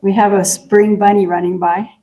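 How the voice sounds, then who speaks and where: A woman minister giving a gentle, chatty sermon in a church and laughing often. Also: medium pitch, level tone, moderate pace. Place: church sanctuary.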